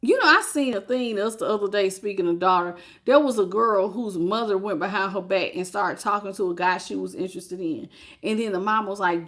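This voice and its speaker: A woman giving a live-streamed tarot reading, talking in a casual, chatty and animated way and greeting viewers as she goes. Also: medium pitch, moderate pace. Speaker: tarot reader.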